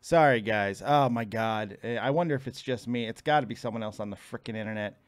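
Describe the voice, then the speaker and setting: A man's voice: lowish voice, brisk, no room sound. A man hosting a casual live stream from home, frustrated and swearing freely between bursts of laughter. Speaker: podcast host.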